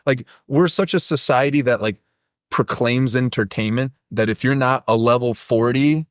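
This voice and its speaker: A man's voice: mid-range voice, normal speed, clear, resonant tone, no echo, studio quality. Blunt, cursing man telling a story. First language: Polish. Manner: blunt, profane, rambling storyteller. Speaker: podcast guest. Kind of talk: casual chat, storytelling.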